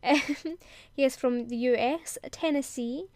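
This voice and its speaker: A woman's voice: high voice, slow, darkish tone, no room sound. A young woman hosting a gaming video, reading character bios aloud, giggling and tripping over words. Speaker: gaming channel host.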